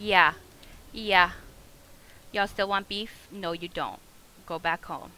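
A woman streaming a video game live, swearing a lot and talking to the enemies on screen, going from loud outbursts to quiet mutters. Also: on the low side, takes it slowly, a little hiss or hum, rough recording. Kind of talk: live gameplay commentary.

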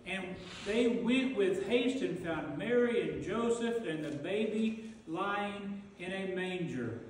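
A man's voice: sits high, animated, slow. A man preaching a sermon, telling the story vividly and asking his congregation questions. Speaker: pastor. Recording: echoey hall from far off, faint noise.

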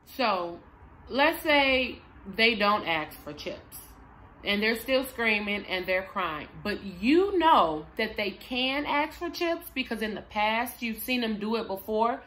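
A woman's voice: fairly high pitch, sing-song, slow pace, a bit bright. A woman explaining parenting techniques, speaking emphatically and addressing moms directly. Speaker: parenting coach and behavior analyst. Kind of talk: instructional parenting vlog.

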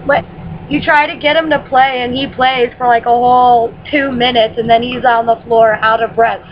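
A woman's voice: a little high, little pitch movement, normal speed, a little hiss or hum. A woman chatting casually in a home vlog, recorded on a laptop webcam at night and slipping into baby talk with her dog. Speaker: mother and vlogger. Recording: dull lo-fi webcam audio with music behind.

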